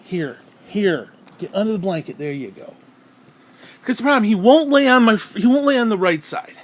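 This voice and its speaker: A man ranting casually at home, profane and rambling, often clearing his throat and short of breath. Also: high voice, expressive, moderate pace. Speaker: vlogger.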